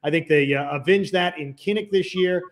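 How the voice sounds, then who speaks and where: A man hosting a sports call-in show, talking in a relaxed, conversational way. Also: high-pitched, moderate pace. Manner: relaxed, conversational, many fillers. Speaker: show host. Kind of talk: casual sports talk show.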